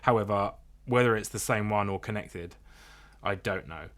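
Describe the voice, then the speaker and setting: A man's voice: lowish voice, a bit bright. A man co-hosting a podcast, trading wry jokes in casual chat. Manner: wry, quick banter. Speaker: podcast co-host.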